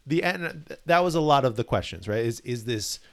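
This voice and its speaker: A man talking comics on a podcast, eagerly unpacking lore between laughs. His voice sits at an everyday middle pitch, and the talk is loose and conversational. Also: lively intonation, normal speed, gravelly. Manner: enthusiastic, explains lore with laughs. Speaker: podcast co-host. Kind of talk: casual comic book discussion.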